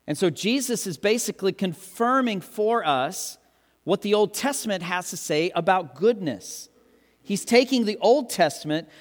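A man in his thirties, a pastor giving a lively, joking sermon and acting out quotes. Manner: animated, joking, acts out quotes with big pitch jumps. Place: church hall with long reverb. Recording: reverberant hall, live sermon.

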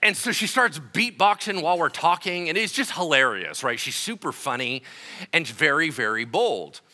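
Animated, bright-voiced male pastor preaching. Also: a little high, moderate pace. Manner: animated storytelling, quoting others in their voices. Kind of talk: sermon.

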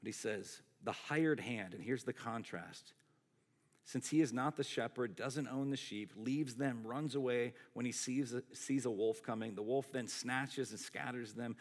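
A man preaching a sermon as a pastor, in a conversational, animated way with frequent asides to the congregation. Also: medium pitch, measured pace.

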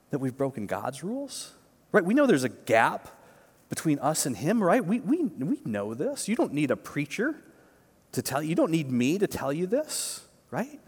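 A man's voice: a little high, darkish tone, husky. A male pastor giving a conversational sermon, emphatic, with repeated words and frequent "right?" asides. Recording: long reverb of a large hall.

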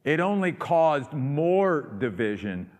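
Pastor guy preaching, kinda high voice, loud bursts then soft, big echoey church. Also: sing-song, slow. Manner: swings from loud emphatic peaks to low quiet asides. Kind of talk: sermon. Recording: long hall reverb.

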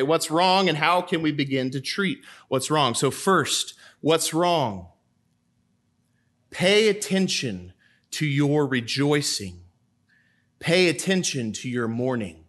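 A man's voice: a little high, fairly bright tone. A man, a priest, preaching a sermon in a church, asking rhetorical questions and repeating them for emphasis.

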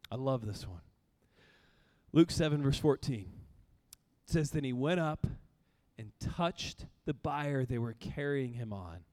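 Brief: lively male pastor mid-sermon, storytelling with laughs and shouted emphasis, long reverb trailing behind. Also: sits high.

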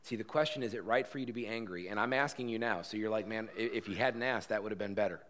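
A man preaching a sermon in church, earnest and repeating his key phrases, growing loud and lively when he jokes with the congregation. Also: fairly low pitch, quick pace. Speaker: pastor.

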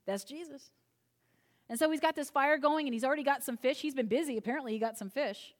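Conversational woman preacher, slightly high voice. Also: fast talker. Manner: conversational, with asides to the congregation. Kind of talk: sermon.

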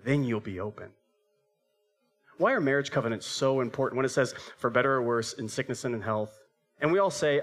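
A man's voice: medium pitch, a little fast. A man in his thirties preaching a sermon as pastor, telling a family story with acted-out voices and asking the congregation rhetorical questions.

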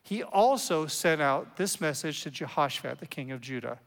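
A man with a high, light voice preaches a sermon, animated and conversational, slipping in playful asides. His words ring out with a long reverb, as if in a big hall. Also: normal speed. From United States. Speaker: pastor.

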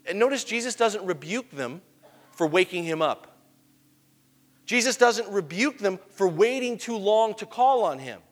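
Preacher, male, high-pitched, animated storyteller, sermon in a hall with a long echo. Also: moderate pace. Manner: animated storytelling, swings between hushed and emphatic.

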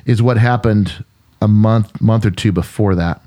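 A middle-aged man, a pastor, telling a personal story in casual chat, earnest and animated, with many restarts. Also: fairly low pitch, unhurried. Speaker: pastor and podcast co-host.

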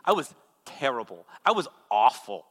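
A man, a pastor, giving a sermon with animated, humorous storytelling. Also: mid-range voice, normal speed, breathy edge. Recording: long hall reverb.

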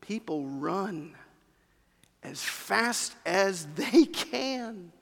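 A man's voice: high-pitched, animated, very slow, vocal fry. A man preaching a sermon as pastor, talking conversationally and addressing the congregation directly, in a church sanctuary. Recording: long reverb of a large church hall.

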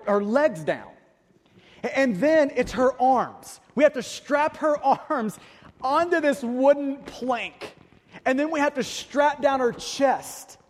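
High-voiced man preaching in a hall. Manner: storytelling, animated, rhetorical questions. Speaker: pastor. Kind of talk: sermon.

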